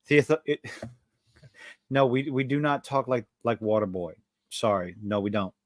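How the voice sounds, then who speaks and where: A man from Louisiana chats casually on a livestream in a mid-pitched voice. His talk is profane and self-mocking. The sound is dry and close, with no room in it. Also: lively intonation, normal speed, no echo. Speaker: podcast host.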